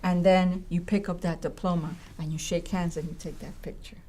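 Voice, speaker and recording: Her pitch sits fairly low and her pace is moderate as this woman, a college educator, tells a conversational story. She voices the characters herself, stays animated throughout, and regularly checks in using "right?" and "you know."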